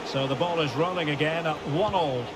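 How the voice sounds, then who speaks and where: A man doing play-by-play football commentary for a video game, with measured calls that build to excited shouts. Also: a little high, very noisy. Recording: loud crowd and game sound under the voice.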